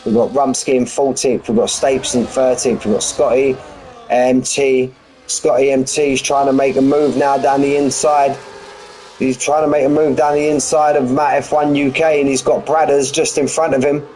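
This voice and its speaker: A man's voice: mid-range voice, little pitch movement, moderate pace, a little mellow, a little hiss or hum, poor audio. A man giving live race commentary in a chatty, rambling, jokey way. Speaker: sim racing commentator.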